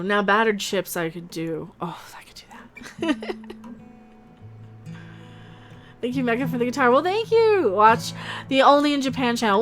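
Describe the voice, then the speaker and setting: A woman hosting a casual livestream, chatting in a rambling, excitable way as she reads out and answers the chat. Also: mid-range voice. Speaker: livestream host reading chat.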